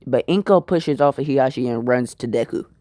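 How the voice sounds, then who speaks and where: A man's voice: medium pitch, moderate pace, a little mellow, no room sound, clean studio sound. A young man casually retelling a fan-made story, rambling with lots of fillers. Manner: rambling, filler-heavy, apologetic asides.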